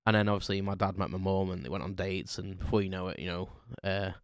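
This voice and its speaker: A man with a lowish voice talks through an unscripted podcast monologue, rambling along with plenty of ums and false starts. The sound is dry and close, with no room around it. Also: steady tone, fast talker, clean tone, no room sound. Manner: rambling, chatty, lots of ums and restarts. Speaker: podcast host.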